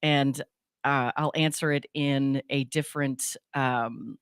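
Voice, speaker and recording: A woman's voice: very deep voice, fairly even intonation, takes it slowly, clear, resonant tone, dry recording, clean studio sound. A woman in her forties co-hosting a radio show, chatting casually in a rambling way with many restarts. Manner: rambling, frequent restarts and fillers. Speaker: radio co-host. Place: radio studio. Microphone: studio microphone.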